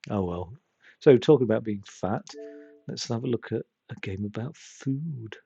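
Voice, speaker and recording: A man's voice: medium pitch, lively intonation, normal speed, gravelly, mellow, breathy edge, no echo, dull audio. A young man streaming a game, chatty and self-mocking as he plays. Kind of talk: casual live-stream commentary.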